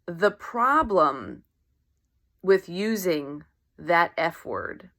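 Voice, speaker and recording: A woman with a lowish, slightly bright voice coaches listeners through a casual motivational monologue. Conversational throughout, she acts out everyday exchanges in different voices and keeps asking "right?"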